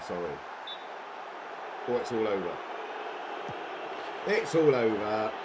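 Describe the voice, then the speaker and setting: Animated man reacting to gameplay. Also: medium pitch, noisy background. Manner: excitable, groans and cheers at the screen. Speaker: game streamer. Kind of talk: casual live gameplay commentary.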